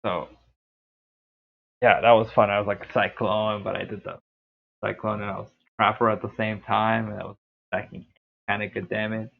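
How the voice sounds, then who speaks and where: A man's voice: lowish voice, flat delivery, moderate pace, gravelly, pauses often. A man streaming a live game, giving rambling, chatty commentary full of filler words as he plays. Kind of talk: casual live gameplay commentary. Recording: tinny phone-like audio.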